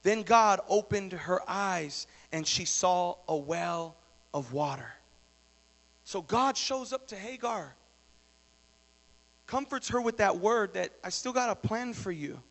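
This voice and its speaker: High, gravelly preacher man in an echoey hall. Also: lively intonation, slow. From Texas. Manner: builds from low storytelling to shouted exhortation. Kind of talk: sermon.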